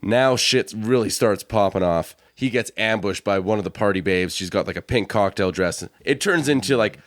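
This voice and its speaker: Man, podcast co-host, low voice, dry close sound, rambling casual recap. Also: moderate pace, dry recording. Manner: rambling, laughing plot retelling with fillers. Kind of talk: casual movie recap chat.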